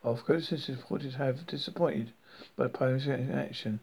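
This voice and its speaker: A man reads a novel aloud in a gravelly voice of middling pitch. He stumbles and corrects himself as he goes. The result is a halting, homemade reading. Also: a little mellow, rough recording. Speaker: reader.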